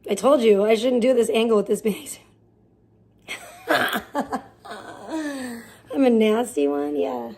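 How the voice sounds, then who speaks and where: A woman's voice: a little high, unhurried, long pauses, darkish tone. Rambling, crude woman streamer. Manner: rambling, crude jokes, muttering to herself. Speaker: live streamer. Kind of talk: casual live-stream chat. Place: outdoors in the sun, tanning. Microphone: phone.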